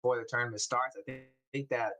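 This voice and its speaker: A man's voice: mid-range voice, flat delivery, brisk, sharp tone, low-quality recording. Guy with a midwestern american accent, southern roots, casting a card game tourney, laid back and explainy. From US Deep South. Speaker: tournament co-commentator. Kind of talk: casual esports commentary.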